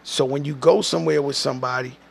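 A man with a New York accent, a guest telling a long story in a casual, animated, slangy way. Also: mid-range voice, fast talker, gravelly, breathy edge. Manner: animated, slangy, profane, acts out other people's voices.

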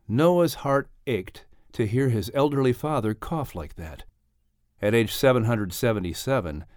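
Calm male audiobook narrator, dry sound. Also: mid-range voice, smooth, no room sound. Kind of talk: scripted narration.

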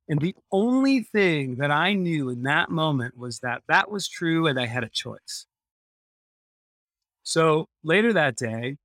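A man's voice: mid-range voice, a bit bright, no room sound, studio quality. A man, a podcast guest, telling a personal story in an earnest way and repeating phrases for emphasis.

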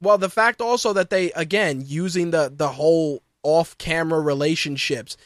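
A man co-hosting a casual wrestling podcast, talking in an animated, profane way and mocking what he quotes. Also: fairly high pitch, moderate pace, no room sound, studio quality. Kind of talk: casual chat.

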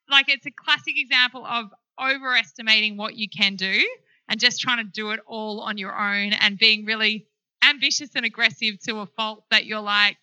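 Bright, crisp-voiced woman on a panel. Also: fairly high pitch, normal speed, dry recording, rough recording. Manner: animated, frank storyteller. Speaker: business founder on a panel. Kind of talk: live panel discussion.

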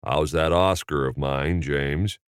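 A man's voice: rumbling low, slow, clean tone, no room sound, studio quality. A man voicing a laid-back middle-aged film star who speaks in a lazy drawl.

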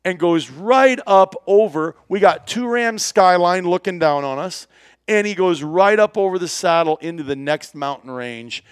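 A man telling a hunting story in lively, animated fashion, acting out the dialogue and laughing often. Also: high-pitched, moderate pace, clear, resonant tone, no room sound, clean studio sound.

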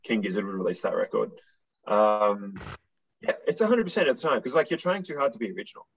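A man with an Australian accent speaks as a guitarist and songwriter in a relaxed interview. His voice sits low and sounds husky, and the recording is dull and lo-fi. He tells stories bluntly and swears freely. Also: quick pace. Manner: blunt, swearing, animated storyteller. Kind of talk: casual chat.

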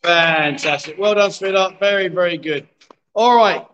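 A man's voice: high voice, moderate pace, fairly bright tone, dull audio, a little hiss or hum. A middle-aged man, hosting a live stream from a bar and cheering on pool players, coaxing and joking with viewers. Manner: jokey, coaxing, chatty with viewers. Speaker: livestream host.

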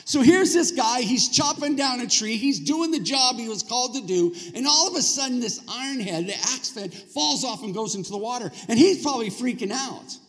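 A man's voice: extremely high pitch, lively intonation, moderate pace, few pauses, fairly bright tone. A male pastor preaching a sermon in a church, talking conversationally and prompting the congregation to answer back. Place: church sanctuary. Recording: long reverb of a large hall.

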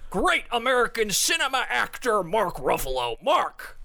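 A loud, blustering talk-radio host, as a man puts him on. The voice sits high and bright with a gravelly edge, and its pitch leaps wildly up and down. He pushes his guest with smug, hammering repetition. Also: wildly swooping pitch, measured pace, heavily acted. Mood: pushy. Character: impression of a blustering male right-wing radio host.

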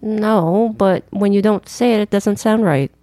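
A woman's voice: mid-range voice, a little slow, warm tone, no room sound, studio quality. A woman co-hosting a casual chat with her wife, goofy and giggly, in a punchy mood. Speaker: podcast co-host.

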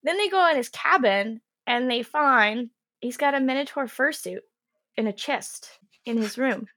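A fairly high-voiced woman recounts tabletop game stories in an animated, chatty way. She acts out her players' lines as she goes. The sound is dry and close. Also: measured pace, no echo. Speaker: game master. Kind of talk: casual podcast storytelling.

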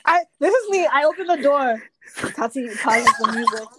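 A high-pitched young woman in casual podcast chat. She jumps in eagerly to add her side of the story and laughs along with her friend. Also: expressive, normal speed, very noisy. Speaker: podcast co-host.

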